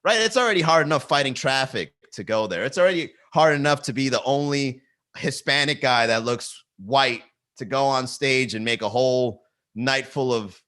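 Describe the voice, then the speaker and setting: With a bright, forceful mid-range voice at normal speed, a male comedian chats casually on a solo livestream from his garage. He riffs at the camera and laughs along at his own jokes.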